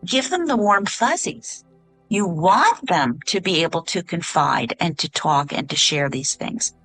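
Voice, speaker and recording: A woman's voice: lowish voice, animated, measured pace, fairly bright tone, slightly rough, dry recording, soft background music. Chatty woman hosting a podcast. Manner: enthusiastic, chatty. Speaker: podcast host. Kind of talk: conversational podcast interview.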